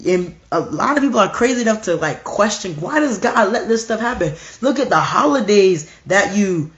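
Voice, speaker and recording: A man's voice: fairly high pitch, a bit bright. Man preaching emphatically in an echoey room. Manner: emphatic, repetitive, rhetorical questions. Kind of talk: preaching monologue.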